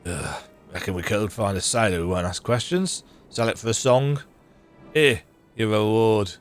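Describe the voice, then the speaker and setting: A man voicing a gruff, irritable male bandit boss who scolds his men. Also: fairly low pitch, normal speed, soft background music, lightly acted. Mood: irritated.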